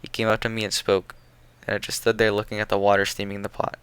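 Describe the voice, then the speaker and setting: Smooth low-voiced audiobook narrator. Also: male voice, fast, dry recording. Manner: plain, steady storytelling in the first person. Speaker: audiobook reader.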